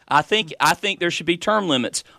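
A man's voice: fairly high pitch, animated, brisk, creaky, sharp tone, dry recording, clean studio sound. Opinionated Southern man, teasing co-host. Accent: Southern American. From South Carolina. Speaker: talk show co-host. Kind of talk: casual political banter.

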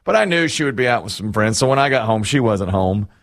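A middle-aged man hosting a casual chat, telling stories in an animated, self-mocking way. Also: lowish voice, quick pace, no echo, clean studio sound. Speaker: host.

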